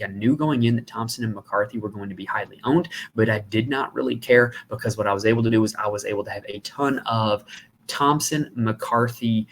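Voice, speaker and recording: A man's voice: mid-range voice, fairly bright tone, a little hiss or hum. A man hosting a podcast, giving a chatty, conversational sports betting preview. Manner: chatty and conversational, talks at length. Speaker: podcast host.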